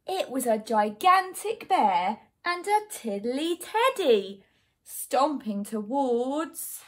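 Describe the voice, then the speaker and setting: A woman teacher reading a rhyming picture book aloud to children, with an expressive, sing-song delivery. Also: fairly high pitch, takes it slowly. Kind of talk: children's storybook read-aloud.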